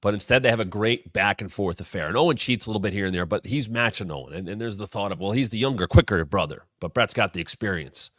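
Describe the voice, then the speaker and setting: A man's voice: on the low side, fast talker, few pauses, fairly bright tone, dry recording, studio quality. A man in his thirties hosting a wrestling show, telling a storyline history in an enthusiastic, casual way with sudden bursts. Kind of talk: casual retrospective commentary.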